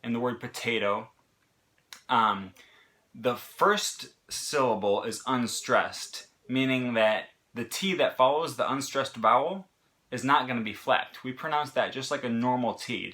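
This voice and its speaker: Speaking at an unhurried pace, this American-accented teacher has a medium-pitched voice with a pushed, bright quality. His casual pronunciation lesson comes out in short bursts full of fillers and restarts.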